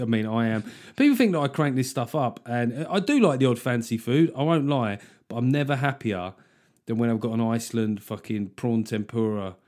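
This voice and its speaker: A man hosts a comedic podcast, with a mid-range voice. He talks in an animated, joking way and swears freely. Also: mid-range voice. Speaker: podcast host.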